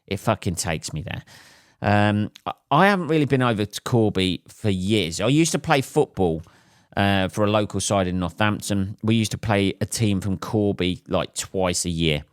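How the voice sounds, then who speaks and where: A deep-voiced English man hosts his own comedy podcast alone. He talks in a loose, sweary, self-deprecating ramble full of ums and side tangents. The sound is close and dry with no room around it. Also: no room sound. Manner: profane, self-mocking storytelling with frequent fillers. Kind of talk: rambling solo podcast monologue. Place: at home late at night after a gig.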